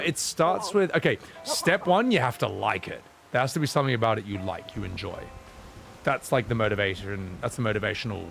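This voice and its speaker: A man's voice: mid-range voice, vocal fry, a bit bright. A man chatting casually on a live game stream, opinionated and rambling, swearing freely.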